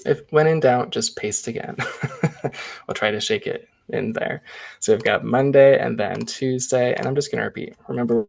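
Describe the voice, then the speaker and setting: A man presenting a live software demo, talking through each step in a casual, chatty way. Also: mid-range voice, gravelly.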